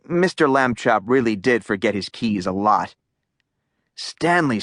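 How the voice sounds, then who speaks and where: Woman slowly reading a children's story. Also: rumbling low, no room sound, studio quality. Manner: slow, lively storytelling. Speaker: audiobook narrator. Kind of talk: children's audiobook narration.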